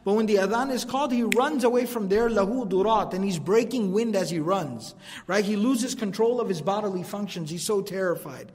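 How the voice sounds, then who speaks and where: A man giving a religious lecture, quick and animated, mixing recited scripture with casual asides. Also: high voice, a little hiss or hum. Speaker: preacher teaching a lecture series. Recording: long hall reverb.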